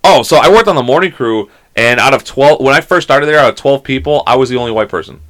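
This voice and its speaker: A man's voice: mid-range voice, fast talker, fairly bright tone. A man co-hosting a podcast, telling stories in a casual, swearing, joking way. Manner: swearing, storytelling, laughing. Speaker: podcast co-host. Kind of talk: casual chat.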